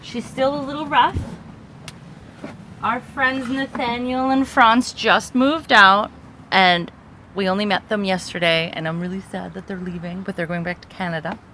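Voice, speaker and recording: A woman hosting a vlog, giving an excited, giggly tour of a small sailboat she is aboard. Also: mid-range voice, moderate pace, slight background noise. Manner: excited, giggly, with frequent laughs. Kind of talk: casual tour walkthrough.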